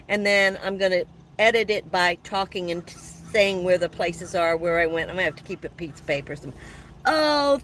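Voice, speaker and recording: A woman's voice: mid-range voice, a little hiss or hum, low-quality recording. A woman in her seventies hosting a casual livestream from her van, chatting and thanking viewers as she reads their comments. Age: 70s. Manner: chatty, warm thanks to viewers, frequent laughs. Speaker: livestream host. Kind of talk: casual live chat reading comments.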